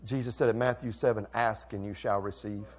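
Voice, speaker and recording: A male pastor preaching a sermon, swinging from quiet, intimate lines to loud, fervent ones. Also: fairly low pitch, steady tone, fairly quick. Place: church sanctuary.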